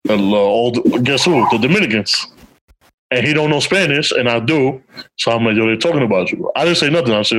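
Man, podcast co-host, casual storytelling, street slang, mid pitch. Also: low-quality recording. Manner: animated, acts out quotes with big pitch jumps; streetwise slang, frequent "you know what I'm saying".

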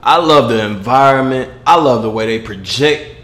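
A man's voice: medium pitch, moderate pace, a bit bright. A young man co-hosting a casual podcast, a laid-back storyteller who retells events vividly. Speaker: podcast co-host. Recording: echoey room.

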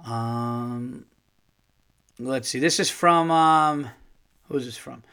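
A man's voice: medium pitch, takes it slowly, long pauses, bright, forceful tone, clean tone. A middle-aged man hosting a podcast alone, ranting angrily with lots of swearing and acting out conversations. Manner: angry ranting, swearing, acts out dialogue. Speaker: podcast host. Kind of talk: solo podcast rant.

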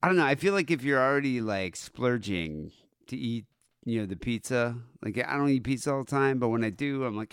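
A man's voice: mid-range voice, brisk, smooth, dry recording, clean studio sound. A man from Michigan co-hosting a podcast, telling stories in casual chat with lots of fillers. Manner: rambling, animated storytelling with many fillers. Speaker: podcast co-host.

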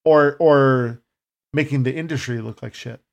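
A man's voice: medium pitch, a little slow, vocal fry. A man co-hosting a podcast, stammering and swearing in casual chat. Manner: stammering, profane asides. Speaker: podcast co-host.

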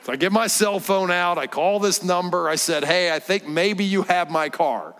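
A middle-aged man giving a sermon as a guest preacher, telling a story with lively delivery and dropping to hushed tones. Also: high voice, moderate pace. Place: church sanctuary. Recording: church hall with long reverb.

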